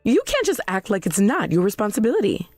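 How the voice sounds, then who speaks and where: A woman's voice: mid-range voice, huge pitch swings, fast, darkish tone, no echo, soft background music. A woman voicing an indignant, defensive middle-aged mother in a text-message story drama. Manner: indignant, demanding.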